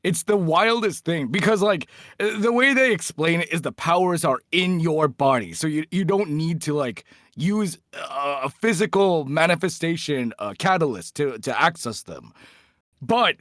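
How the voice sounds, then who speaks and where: A man who is a guest on a live stream, chatting casually and reacting with excited gasps. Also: fairly high pitch, moderate pace, no room sound, studio quality. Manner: excitable, gasping "oh my gosh" reactions. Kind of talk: casual chat reacting to a video.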